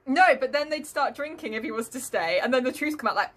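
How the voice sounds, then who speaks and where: A young woman in casual chat, blunt and animated, laughing often and swearing. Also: high-pitched, quick pace.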